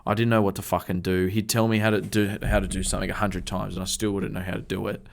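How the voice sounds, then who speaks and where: A man's voice: lowish voice, little pitch movement, quick pace, creaky. A man co-hosting a podcast, telling rambling work stories full of slang and swearing. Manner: profane, rambling, heavy slang. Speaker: podcast co-host. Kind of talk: casual storytelling.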